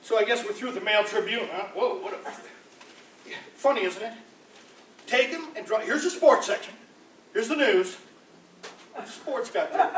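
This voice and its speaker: A man doing loose political stand-up, rambling and animated and slipping into mocking voices. He sounds distant from the mic in a roomy, echoey space with a faint ambient hum behind him. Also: very high-pitched, a little slow, long pauses. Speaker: street comedian. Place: campus room before a live audience. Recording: echoey room, voice from far off.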